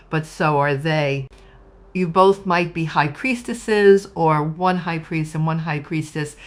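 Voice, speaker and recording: A woman giving a casual spoken tarot reading, animated and acting out quoted voices. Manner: animated, acts out quoted voices with sudden pitch jumps. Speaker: tarot reader.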